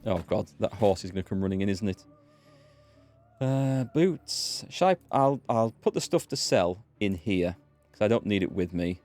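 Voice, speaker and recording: A man's voice: fairly low pitch, expressive, normal speed, a little mellow, soft background music. A man chatting casually with wry asides while playing a video game as a let's play host. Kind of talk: casual gameplay commentary.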